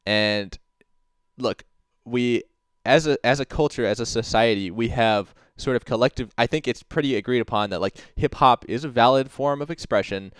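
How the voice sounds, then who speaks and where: A man's voice: medium pitch, normal speed, clean tone, no echo, studio quality. A man hosting a livestream, rambling in casual commentary with constant "like" fillers and swearing, answering chat messages as he goes. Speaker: livestream host.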